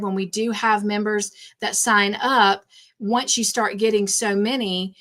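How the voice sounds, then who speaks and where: A woman's voice: mid-range voice, fairly bright tone. A woman hosting a craft livestream, chatting casually and rambling, repeating herself when nervous. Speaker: craft channel host.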